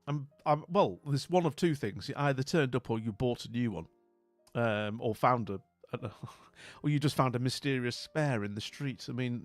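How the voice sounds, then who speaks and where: A man's voice: mid-range voice, a little mellow, no echo. Rambling, chatty man. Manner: rambling, chatty, many fillers and restarts. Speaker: live streamer. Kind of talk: casual stream chat.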